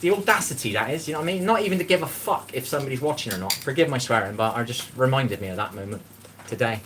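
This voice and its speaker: A man's voice: medium pitch, fast talker, a bit bright, a little hiss or hum. Rambling, chatty man on a live stream. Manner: rambling and chatty, greets viewers and swears freely. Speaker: livestream cooking host. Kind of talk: casual live-stream chat. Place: home kitchen, seated on a chair.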